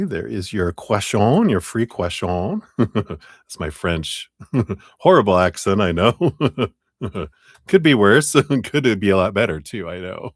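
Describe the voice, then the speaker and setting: Casting: low-voiced male stream host, lively sing-song greetings, laughs easily, close dry mic. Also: no room sound. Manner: chatty, greets viewers warmly, laughs often, drops into quiet asides. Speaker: tarot reader hosting a live stream. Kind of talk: casual live-stream chat.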